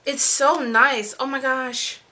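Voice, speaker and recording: A young woman with a high, bright voice chats eagerly to her viewers while unboxing. She gushes and fills her talk with "like" and "you guys". There is a faint hiss of room noise behind her. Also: fairly even intonation, slow pace. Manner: gushing, chatty, lots of "you guys" and "like". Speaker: vlogger. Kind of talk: unboxing vlog chat.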